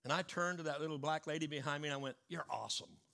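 A man preaching a sermon, telling a story and swinging between hushed asides and loud declarations. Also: fairly high pitch, steady tone, very fast, clean tone.

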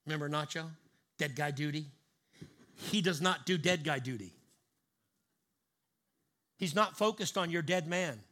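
A male pastor preaching a sermon emphatically, slowing down to stress key words and having the congregation repeat lines after him. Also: on the high side, pushed and bright.

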